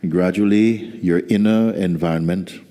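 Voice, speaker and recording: A man as spiritual teacher giving a slow, soft-spoken satsang talk with gentle humor. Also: deep voice, steady tone. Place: large hall. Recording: reverberant hall.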